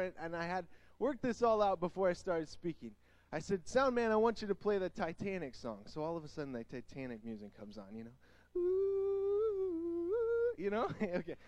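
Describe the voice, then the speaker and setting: Young guy preaching to teens, high voice, dry sound, acts out the story bits. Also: dry recording. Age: young adult. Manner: animated storytelling, acts out quotes. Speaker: youth speaker. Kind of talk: energetic youth sermon.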